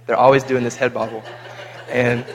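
With a crowd audible in the background, an American man casually recounts a mission trip for his vlog at normal speed. His medium-pitched voice is creaky and level, and he rambles and repeats his words.

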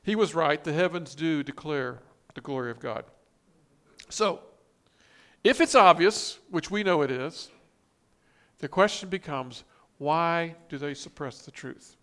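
A man's voice: a little high, animated, unhurried, a bit bright. A man preaching a sermon, reading scripture and quotes with emphatic, rising stress and frequent restarts. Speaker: pastor.

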